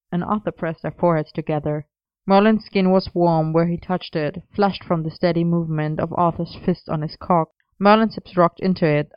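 A narrator reading a romance story aloud in a steady, even storytelling manner. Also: medium pitch, clear, resonant tone, no room sound, highs cut off.

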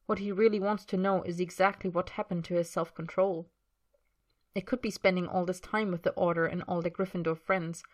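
A woman narrates a story aloud in a low, even voice. Her reading is measured and expressive, carrying scene and dialogue alike.

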